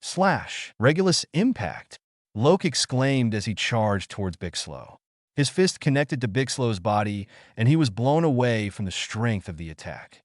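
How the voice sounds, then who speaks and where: A man's voice: fairly low pitch, big pitch swings, normal speed, dry recording, clean studio sound. A man reading fan fiction aloud as narrator, voicing all the parts himself. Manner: storytelling, reads all parts.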